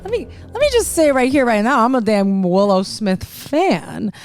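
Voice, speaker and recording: A woman's voice: a little high, big pitch swings, normal speed, darkish tone, dry recording, studio quality, faint music behind. A woman hosting her own podcast, chatting casually on her own, rambling and restarting her thoughts, emotional and playful. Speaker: podcast host. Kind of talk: casual solo podcast chat.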